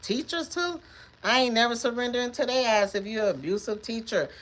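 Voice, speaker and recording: A woman's voice: fairly high pitch, expressive, fairly quick, a bit bright. A woman, talking in a rambling, emphatic way during a casual live tarot stream, often repeating words and laughing. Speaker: tarot reader.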